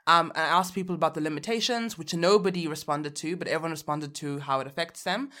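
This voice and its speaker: A woman's voice: deep voice, fast, pushed and bright. A young adult woman hosting a casual podcast chat, blunt and teasing, laughing often. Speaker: podcast host.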